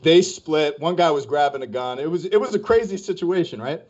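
A man's voice: a little high, a little fast, darkish tone. A man casually telling a story on a podcast as a co-host, acting out the voices of people he quotes. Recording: dull lo-fi podcast audio.

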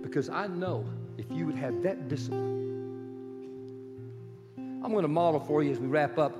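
A pastor in his sixties preaching a sermon, swinging from loud urgent pleading to soft, hushed prayer. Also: a little high, expressive, normal speed, long pauses. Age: 60s. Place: church sanctuary. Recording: long hall reverb with guitar music behind. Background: soft guitar music.

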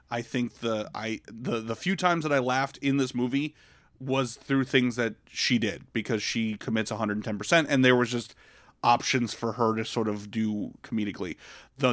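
Male podcast co-host, mid-pitch, chatty and rambling, dry close mic. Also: no room sound. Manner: animated, rambling, lots of fillers. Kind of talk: casual film review chat.

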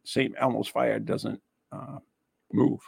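A man from the United States hosting a casual chat, reading an article aloud haltingly with asides and laughter. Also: medium pitch, fairly even intonation, creaky, darkish tone, breathy edge, no room sound. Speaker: host.

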